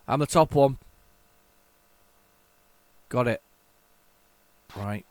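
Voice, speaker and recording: Man, gaming host, excitable commentary, self-mocking jokes, slightly high voice, very dry close sound. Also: moderate pace, long pauses, no echo. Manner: excitable, chatty, talks to viewers while playing; self-mocking, jokey asides. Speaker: retro gaming channel host. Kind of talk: casual gameplay commentary.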